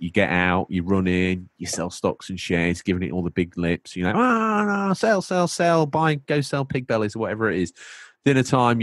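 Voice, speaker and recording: A man's voice: low-pitched, no echo. A man hosting a podcast, rambling playfully in casual chat. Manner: playful, rambling, breaks into silly put-on voices. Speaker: podcast host.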